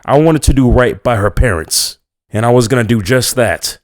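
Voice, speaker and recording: A man narrating a first-person horror story in a tense, measured way. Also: medium pitch, lively intonation, dry recording, studio quality.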